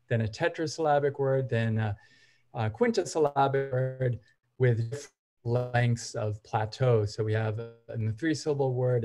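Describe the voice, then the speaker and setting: A man co-presenting an academic seminar, explaining examples in a measured, step-by-step way. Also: medium pitch, dark tone.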